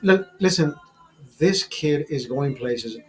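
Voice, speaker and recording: High-voiced man in his fifties, swearing. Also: animated, takes it slowly. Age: 50s. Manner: rambling, repeats words, swears freely. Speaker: show host. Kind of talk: casual profane storytelling. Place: streaming studio.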